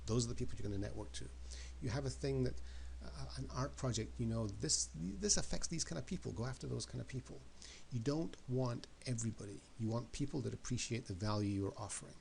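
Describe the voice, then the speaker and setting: A man's voice: medium pitch, fast talker, vocal fry, hardly any pauses, darkish tone, a little hiss or hum. A man giving an emphatic motivational talk, often repeating words and questions for effect. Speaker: motivational speaker.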